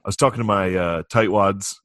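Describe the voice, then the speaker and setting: A male comedian chatting casually, talking quickly and adding laughing asides. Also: on the low side, a bit bright, no echo, studio quality. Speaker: comedian guest.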